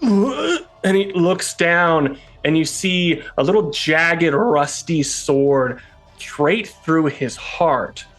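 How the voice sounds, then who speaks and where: A man narrating a tabletop game as game master, in a halting way with chuckles. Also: on the high side, a bit bright, faint music behind.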